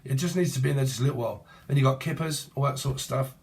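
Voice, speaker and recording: A man's voice: medium pitch, very fast, darkish tone. A man giving a rambling tarot reading, free-associating between word plays and names in a casual, slangy way. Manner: casual, swears and uses slang. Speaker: tarot reader.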